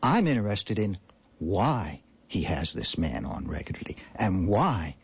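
A man's voice: low voice, big pitch swings, a little slow, slightly rough, highs cut off. A man guest on a call-in radio show, telling his story in an indignant, rambling way. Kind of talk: animated call-in radio talk.

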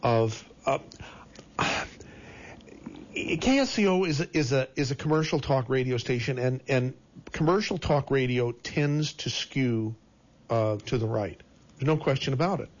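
A man hosting a talk radio show, speaking in a halting way with a gravelly voice. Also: mid-range voice, lively intonation, muffled recording. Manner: halting, interjecting. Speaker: radio host.

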